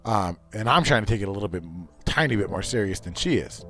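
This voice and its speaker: A man's voice: lowish voice, expressive, quick pace, a bit bright, soft background music. A man hosting a livestream, chatting casually in a rambling, profane way with many restarts. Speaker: livestream host.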